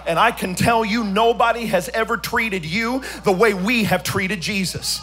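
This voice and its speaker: A man preaching a church sermon as pastor, swinging from quiet storytelling to sung, shouted emphasis. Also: high-pitched, normal speed.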